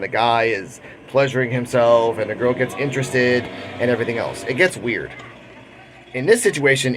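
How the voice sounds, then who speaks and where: A man's voice: mid-range voice, fairly bright tone, slight background noise. A young man hosting an online commentary show, casually retelling a news story with frequent restarts. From Puerto Rico. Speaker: commentary channel host.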